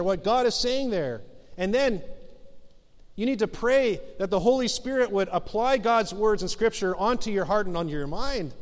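A man in his forties preaches a sermon in a casual, self-mocking way and builds to earnest urging. His voice sits a little high. The sound carries a long reverb, as if recorded in a large church hall. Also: moderate pace. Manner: conversational, self-deprecating, rises to emphatic exhortation. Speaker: pastor.

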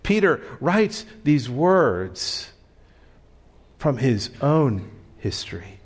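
A man preaching a sermon, measured and deliberate, often repeating phrases as he goes. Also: mid-range voice. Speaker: pastor.

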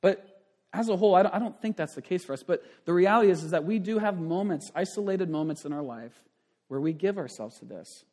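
A man's voice: high voice, fairly quick, a little mellow. A man in his thirties, a pastor giving a conversational sermon with frequent asides and restarts.

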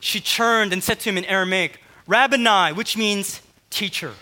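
Pastor guy preaching on stage, high bright voice, kinda breathless, fires off quick asides to the crowd. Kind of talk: sermon. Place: church stage.

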